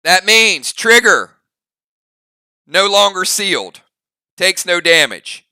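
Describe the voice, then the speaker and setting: A man running a live role-playing game, calling each move and damage total in an upbeat play-by-play. His voice is very bright and crisp, and the recording is dry and close. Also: high voice, big pitch swings, dry recording. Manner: upbeat, drawn-out play-by-play calls. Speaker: game master. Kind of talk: live game narration and commentary.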